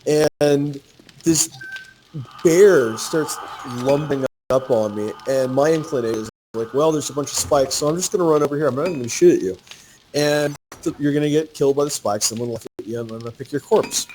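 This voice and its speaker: A man telling a story to his fellow players in casual gaming chat, animated and swearing freely. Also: fairly high pitch, brisk, slight background noise.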